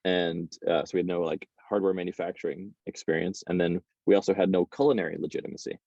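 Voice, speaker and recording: Brief: gravelly, mellow male interview guest, animated with halting restarts. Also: sits low, no room sound, dull audio. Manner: animated, repeats words when starting. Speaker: guest entrepreneur. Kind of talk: casual interview storytelling.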